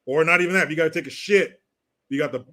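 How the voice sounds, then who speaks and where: A man's voice: a little high, very fast, sharp tone. A man hosting a livestream, ranting about politics in blunt, profane, mocking talk and reading viewer comments. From California. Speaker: livestream host reading chat. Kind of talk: casual political rant.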